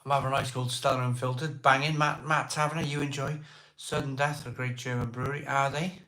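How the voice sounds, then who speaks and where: A Welsh man with a voice hoarse from a cold, hosting a casual live stream, greeting viewers by name and asking for likes. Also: mid-range voice, flat delivery, fairly quick, pushed and bright. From Wales. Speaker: livestream host. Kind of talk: casual live chat reading viewer comments. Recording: echoey room.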